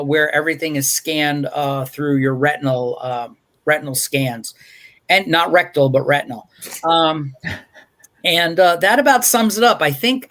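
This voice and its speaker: A man's voice: a little high, a bit bright. Rambling wry man hosting a review. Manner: rambling and wry, with frequent fillers and restarts. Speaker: movie review show host. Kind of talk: casual live-stream movie review chat. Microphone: video call.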